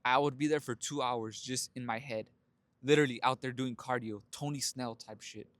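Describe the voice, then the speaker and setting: A man's voice: medium pitch, normal speed, no room sound. Blunt, profane young man preaching. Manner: blunt and profane, addresses listeners as brothers; animated storytelling with frequent laughs. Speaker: self-help vlogger. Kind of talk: casual motivational monologue.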